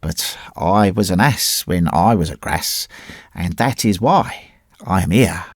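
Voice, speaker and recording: A man's voice: sits low, animated, slow, dry recording, clean studio sound, pitched below the performer's own voice, full character voice. A man voicing a cheeky little Cockney army private, brash and raucous, with a Cockney accent. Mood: raucous chanting.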